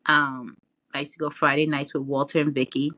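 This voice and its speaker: A woman recounting her past as an interview guest, animated and quick to laugh, with lines she quotes pitched up high. Her voice sits a little low but has a bright, forceful edge. The sound is close and dry. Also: no echo. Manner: animated, laughs often, quoted dialogue in a raised voice. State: tearful at times. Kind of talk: casual storytelling interview.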